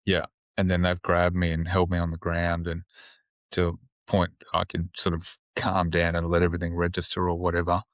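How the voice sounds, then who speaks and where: A police officer talks through a hard memory in a relaxed interview, his voice low and flat and his manner blunt and sombre, with plenty of swearing. The sound is dry and close, with no room around it. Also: fairly quick, no echo. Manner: plain-spoken, sombre, swears freely. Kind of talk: casual interview storytelling.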